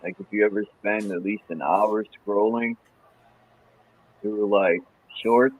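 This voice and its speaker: A man's voice: lowish voice, steady tone, slow. A man hosting a stream, chatting in a loose, meandering way with lots of fillers. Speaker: stream host. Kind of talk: casual rambling chat. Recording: tinny phone-like sound.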